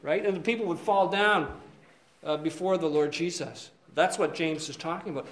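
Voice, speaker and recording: A male preacher teaching verse by verse, chatty and checking in with "okay?". His voice sits high. The sound echoes around a roomy space. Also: normal speed, fairly bright tone. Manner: conversational, asks "okay?" often, many fillers. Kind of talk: expository sermon, verse by verse.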